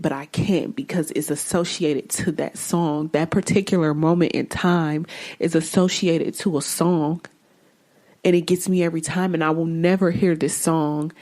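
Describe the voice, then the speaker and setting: A woman's voice: low voice, darkish tone. A woman hosting a podcast alone, speaking bluntly and with open exasperation, swearing freely, in a casual way. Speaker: podcast host. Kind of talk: casual solo podcast talk.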